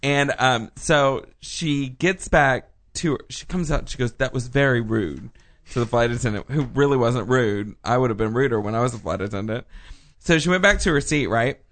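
A man's voice: mid-range voice, normal speed, fairly bright tone. A man telling a travel story in casual chat among friends, swearing freely and acting out the people in it.

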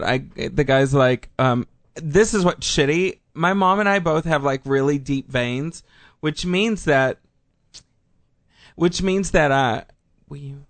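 A man's voice: on the high side, dry recording. A man chatting casually, telling a rambling story with frequent laughs.

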